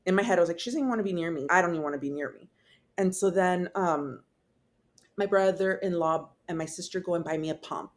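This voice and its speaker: A young woman with a lowish voice talks fast as a podcast guest, sharing her personal story. She is candid and casual, swearing and using fillers and restarts along the way.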